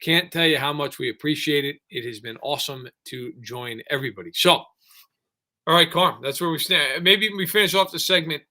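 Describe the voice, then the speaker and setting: A man co-hosting a sports podcast, talking casually and ranting excitedly with frequent restarts. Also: fairly high pitch, brisk. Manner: excitable, animated rants with lots of restarts. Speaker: podcast co-host.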